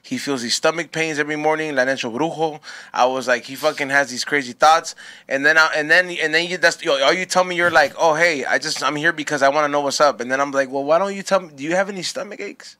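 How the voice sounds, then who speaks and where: A man telling stories in casual chat, profane and animated, slipping in Spanish phrases. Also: fairly high pitch, quick pace, no room sound.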